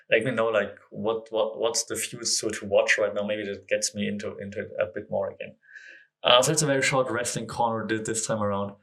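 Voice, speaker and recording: A man's voice: on the low side, fairly bright tone. A man hosting his own podcast, chatting casually and thinking aloud in a loose, rambling way. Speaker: podcast host. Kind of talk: casual solo podcast chat.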